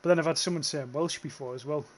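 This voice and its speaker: A young man with a northeast English accent gives loose, chatty commentary while he plays a game live. His voice sits a little high for a man, and he swears freely and stumbles over restarts. There is a faint hum of noise behind him. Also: rapid-fire. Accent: northeast English, near North Yorkshire. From northeast England. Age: young adult. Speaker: gaming livestreamer. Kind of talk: casual live gameplay commentary.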